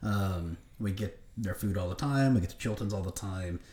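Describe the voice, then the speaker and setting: Podcast host, male, deep dark voice, quick profane storyteller, echoey room. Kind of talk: casual storytelling chat.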